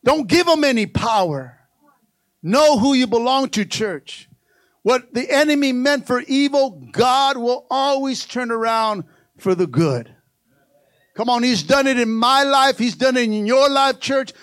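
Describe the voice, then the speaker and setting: High-voiced preaching man. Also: unhurried, no room sound, clean studio sound. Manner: animated preaching, repeatedly calls out to the congregation. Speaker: pastor. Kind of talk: sermon.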